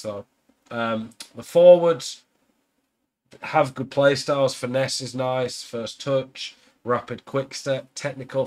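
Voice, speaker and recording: A young man walks through his game setup in an easygoing, conversational voice. His pitch sits in the middle of the range, and he thinks aloud as he goes, dropping the occasional filler. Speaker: gaming content creator. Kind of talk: casual tactics explainer.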